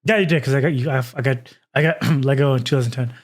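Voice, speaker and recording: A man's voice: medium pitch, fast. A man in his thirties from Texas, hosting a casual podcast chat and telling stories with lots of swearing. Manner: profane, animated storyteller. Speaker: podcast host.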